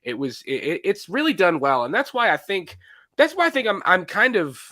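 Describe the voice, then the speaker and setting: A man co-hosting a casual movie podcast, talking in an animated way, often acting out lines from scenes and laughing. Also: high-pitched, fairly quick, dry recording. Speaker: podcast co-host.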